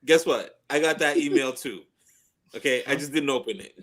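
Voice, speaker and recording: A man in casual podcast banter with a middle-pitched voice. He teases his co-hosts and cuts in on them, talking over them to roast them. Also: moderate pace, fairly bright tone. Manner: teasing, interrupting. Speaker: podcast co-host. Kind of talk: casual chat.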